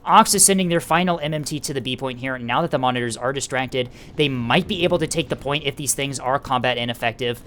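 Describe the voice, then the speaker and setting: A man calls a live space battle match as play-by-play caster. His voice sits at an ordinary middle pitch and jumps up in excitement when the fight turns close. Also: quick pace, hardly any pauses, a little hiss or hum. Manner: excitable, rises sharply in tense moments. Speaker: esports caster. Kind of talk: play-by-play game commentary.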